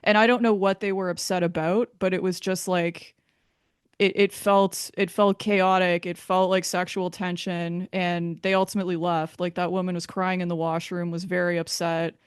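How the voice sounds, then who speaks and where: A woman tells her story to an interviewer in a hesitant, candid way, restarting her sentences often. Her voice is smooth and clear, with little rise and fall, and the recording is dry and close. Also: fairly low pitch, little pitch movement, moderate pace, no echo. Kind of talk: candid personal account.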